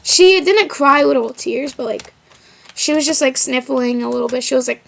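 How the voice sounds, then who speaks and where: High-voiced young female vlogger, rambling. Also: moderate pace, creaky, a bit bright, a little hiss or hum. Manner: rambling, heavy use of "like" and "of course". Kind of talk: casual personal storytelling to camera. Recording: slightly dull lo-fi recording.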